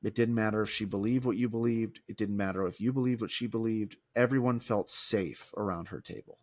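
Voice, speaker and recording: A lowish male voice on a close, dry studio mic, a former pastor chatting on a podcast. He talks in an animated way, often restarting his sentences. The sound is close and dead. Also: brisk, dry recording. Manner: animated, restarts often, mimics people in quotes. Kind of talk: casual conversational podcast.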